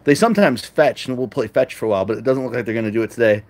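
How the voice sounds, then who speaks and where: Casual livestream host who reads viewer comments aloud and answers them, breaking into high baby talk at kittens. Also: very fast, darkish tone. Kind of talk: casual live chat with viewers.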